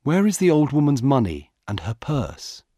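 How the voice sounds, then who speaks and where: A man reading a graded storybook aloud, voicing a brisk female police officer asking questions. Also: medium pitch, very animated, warm tone, breathy edge, no room sound, studio quality, voice pushed up. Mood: questioning.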